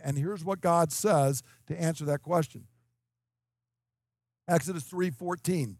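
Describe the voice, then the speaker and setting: A man in his fifties with a fairly high voice, recorded dry and close, preaching an expository sermon. He explains point by point and keeps asking his hearers "okay?". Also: slow pace, darkish tone, no room sound. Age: 50s. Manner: emphatic, explanatory, checks in with "okay?". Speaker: preacher teaching scripture.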